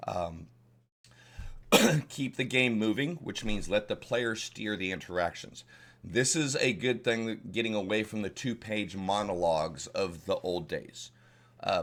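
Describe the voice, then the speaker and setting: This dungeon master tutorial host is an older man from the Southern United States whose voice sits on the low side with a bit of brightness. His casual instruction on running tabletop games wanders folksily, full of fillers and false starts.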